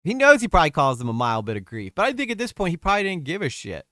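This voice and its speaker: A man's voice: a little high, huge pitch swings, racing, pushed and bright, dry recording, clean studio sound. A man commenting on a stream, crude and exasperated, mocking what he reads.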